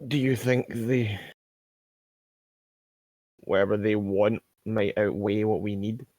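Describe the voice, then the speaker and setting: A man playing in a tabletop game, speaking plainly and directly. His voice is on the low side. The recording is dry. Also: fairly even intonation, takes it slowly, darkish tone, no echo. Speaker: player.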